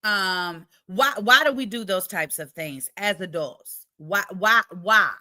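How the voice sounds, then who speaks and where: Bright-voiced woman hosting a livestream. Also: mid-range voice, slow pace. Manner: chatty, reads viewer comments aloud, playful. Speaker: livestream host. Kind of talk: casual livestream chat.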